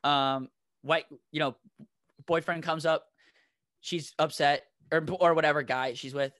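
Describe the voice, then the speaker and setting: A man's voice: on the high side, fairly even intonation, unhurried, a bit bright, no echo, clean studio sound. A man co-hosting a comedy podcast, telling a rambling anecdote and laughing as he goes. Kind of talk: casual storytelling.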